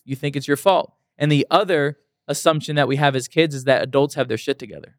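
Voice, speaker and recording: A young man speaks in an earnest, emphatic voice as an interview guest, often repeating phrases to drive them home. His tone is clear and resonant, and the close mic adds almost no room sound. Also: on the high side, a little fast, no echo. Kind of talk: casual interview storytelling.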